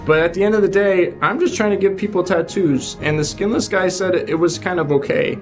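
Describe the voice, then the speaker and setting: A man's voice: sits high, fairly quick, faint music behind, natural voice. A man playing a shy, nervous male devil who works as a tattoo artist, talking hesitantly and evasively in an improvised comedy role-play. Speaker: improv performer playing a defendant.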